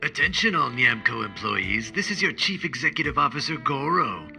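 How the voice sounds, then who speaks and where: A gravelly, bossy male cat CEO makes an announcement in a cartoon. The voice is sharp and bright with some grit in it. Faint music runs behind it. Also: mid-range voice, big pitch swings, moderate pace, exaggerated voice. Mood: announcing. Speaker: chief executive making office announcements. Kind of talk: cartoon voice acting.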